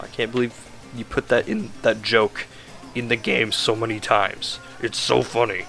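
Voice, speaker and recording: A man's voice: medium pitch, flat delivery, moderate pace, creaky, fairly bright tone, faint music behind. A man giving a casual, rambling game review, ranting in an exasperated, sarcastic way with lots of fillers.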